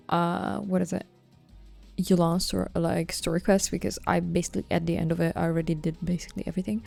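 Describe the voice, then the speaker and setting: Low gravelly woman streaming a game. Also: mellow. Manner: thinks aloud, casual, swears offhand. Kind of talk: live-stream gameplay commentary.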